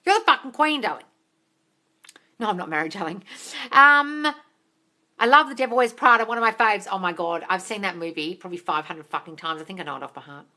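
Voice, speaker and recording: Bright, gushing woman streaming live. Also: mid-range voice, fairly quick. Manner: excitable, gushing, swears casually, calls viewers darling. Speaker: manifestation coach and live-stream host. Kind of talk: live Q&A, reading viewer comments aloud.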